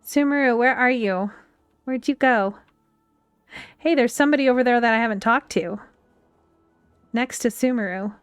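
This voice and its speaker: Woman game streamer, thirties, high voice, clean smooth tone, dry close mic, faint game music behind. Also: normal speed, long pauses, no echo. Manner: chatty, thinks aloud while playing. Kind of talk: casual live gameplay chat. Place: home room at her computer.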